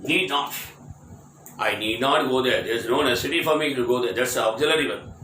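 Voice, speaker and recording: A man's voice: medium pitch, a little fast, sharp tone, slight background noise. A man teaching English grammar, drilling short example sentences over and over with emphatic repetition. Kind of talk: grammar lecture. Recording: distant mic in an echoey room.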